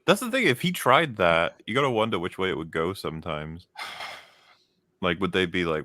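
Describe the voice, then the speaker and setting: A man with a lowish voice talks casually on a podcast panel, meandering through his points with plenty of fillers. The recording is dry and close. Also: expressive, moderate pace, sharp tone, dry recording. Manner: rambling, hesitant with many fillers. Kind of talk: casual chat.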